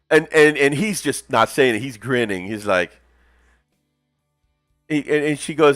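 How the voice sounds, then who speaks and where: A man with a slightly high voice hosts a casual hobby livestream, speaking at normal speed and pausing often over soft background music. He tells stories in a loose, slangy way, laughing often and acting out the voices of the people he quotes. The audio is studio quality, with no room sound.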